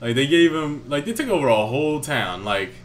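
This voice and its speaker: A man's voice: on the high side, very animated, fairly quick, slight background noise. A young man casually commenting on his gameplay in a laid-back, slangy way. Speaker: let's play host.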